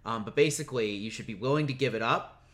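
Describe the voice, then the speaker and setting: A man who is a pastor, talking through questions of faith in a relaxed podcast chat and often checking in with "right?". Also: medium pitch, quick pace. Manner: thoughtful, explaining scripture with many fillers and restarts, "right?" checks.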